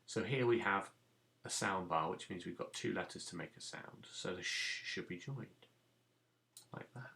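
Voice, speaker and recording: In a recorded phonics lesson, this primary school teacher uses a low, bright, forceful voice with vocal fry at a moderate pace. He guides young children patiently through letter sounds with simple directions.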